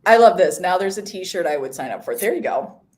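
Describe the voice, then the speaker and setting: A woman's voice: lowish voice, lively intonation, fairly quick, darkish tone. A woman co-hosting a live stream in casual chat, bubbly and teasing, laughing often. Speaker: co-host.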